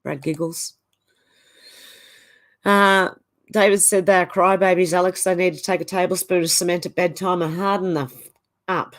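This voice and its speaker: A woman's voice: lowish voice, steady tone, moderate pace, long pauses. A woman with an Australian accent hosts a livestream and reads viewer comments aloud, answering them in a casual, chatty way. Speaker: livestream host.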